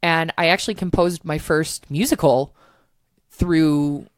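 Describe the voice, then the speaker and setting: Low-voiced chatty woman, dry close mic. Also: fairly even intonation, measured pace, dry recording. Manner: chatty storyteller with many "um"s and "like"s. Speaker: podcast guest, musician. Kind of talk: casual interview chat.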